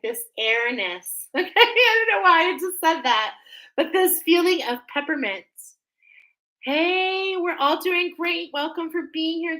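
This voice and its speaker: A woman doing an intuitive card reading for her viewers, rambling and earnest, often checking in with a quick "okay?". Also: medium pitch, sharp tone, low-quality recording. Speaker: oracle card reader.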